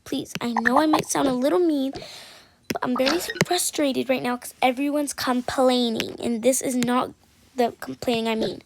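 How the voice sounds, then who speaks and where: A woman voicing a frazzled mom trying to calm her family, in a raised, exasperated plea. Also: high-pitched, normal speed. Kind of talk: toy game role-play voicing. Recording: noisy home mic recording.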